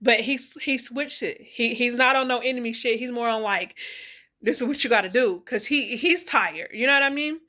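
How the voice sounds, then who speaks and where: A middle-aged woman talks straight to her viewers in a casual vlog. Her voice sits a little high and rings bright and forceful. She is blunt and animated and swears freely. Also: moderate pace. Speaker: vlogger. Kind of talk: emotional casual monologue to camera.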